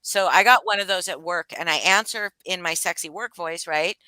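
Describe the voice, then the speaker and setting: A woman's voice: fairly low pitch, normal speed, bright, forceful tone, no echo, poor audio. A young woman co-hosting a casual podcast chat, telling crude, joking stories with lots of swearing. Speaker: podcast co-host.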